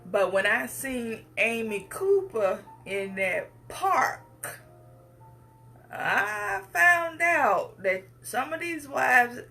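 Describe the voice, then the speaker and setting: Gravelly, slow-talking woman in her fifties. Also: high voice, fairly bright tone. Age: 50s. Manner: emphatic, repetitive, preacher-like cadence. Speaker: speaker addressing the public. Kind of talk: impassioned speech.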